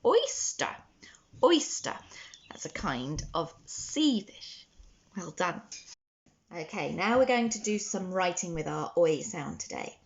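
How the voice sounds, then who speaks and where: A woman teaching a children's phonics lesson, sounding out words slowly and praising often. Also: on the low side, expressive, creaky, dull audio. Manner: slow, sounding out words letter by letter with encouraging praise.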